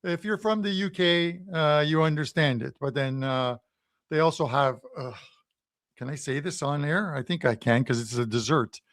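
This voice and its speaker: A man's voice: fairly high pitch, moderate pace, fairly bright tone, dry recording, studio quality. A man from Canada co-hosting a live sports show, telling joking stories in a casual way with lots of fillers. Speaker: betting show co-host.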